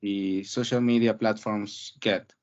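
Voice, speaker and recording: A man's voice: lowish voice, fairly even intonation, slow, a little mellow. A man teaching an English listening class, asking questions and explaining step by step in an encouraging way. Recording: dull muffled audio.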